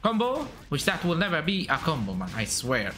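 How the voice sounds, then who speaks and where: A man from Arabia, giving excitable, chatty live commentary on his own gameplay as a streamer. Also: fairly high pitch, a little fast, faint music behind. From Saudi Arabia. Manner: excitable, chatty, bursts into shouts and laughs at the game.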